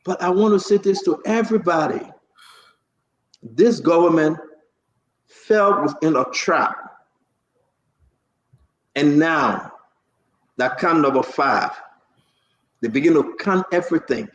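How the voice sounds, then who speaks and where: A man's voice: a little high, takes it slowly, long pauses, reverberant, lo-fi sound. A man hosting a heated political talk show, impassioned, cutting in and repeating himself for emphasis. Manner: impassioned, talks over others, repeats for emphasis.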